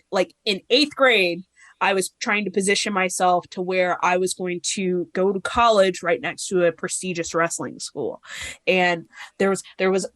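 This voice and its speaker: A woman's voice: mid-range voice, fairly bright tone, no echo. A woman in her thirties, a podcast guest telling her story in a candid, rambling way and acting out the voices she quotes. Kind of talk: casual interview storytelling.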